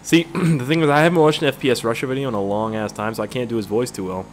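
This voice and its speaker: A man's voice: medium pitch, fairly even intonation, fast, a little hiss or hum. A young man chatting casually while playing a game, rambling and profane, jumping between stories and the action. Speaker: gaming YouTuber. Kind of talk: casual gameplay commentary.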